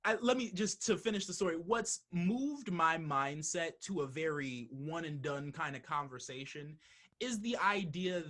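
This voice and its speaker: A young man holds the mic on his own podcast, spinning a heated story with lots of swearing. His voice is bright and forceful, sitting a touch high for a man. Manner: animated, profane storytelling. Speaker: podcast host. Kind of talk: casual conversation.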